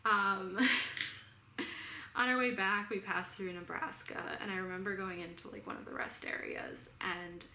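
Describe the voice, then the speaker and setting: Young woman, bright tone, casual chatty storyteller who laughs easily; roomy echo, faint background hiss. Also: mid-range voice, steady tone, measured pace. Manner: chatty, laughs often, many "like" fillers. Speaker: knitting vlogger.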